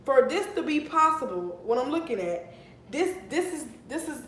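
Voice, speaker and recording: A woman in her twenties telling a casual storytime vlog, animated and outraged, cursing as she talks. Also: high voice, moderate pace. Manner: animated, outraged storytelling with swearing and acted quotes. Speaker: vlogger. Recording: echoey room with faint noise.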